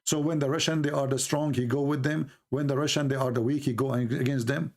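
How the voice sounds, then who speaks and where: A man's voice: mid-range voice, steady tone, quick pace, darkish tone. A man giving argumentative commentary, telling a folk tale and mocking his opponents as he acts out their voices.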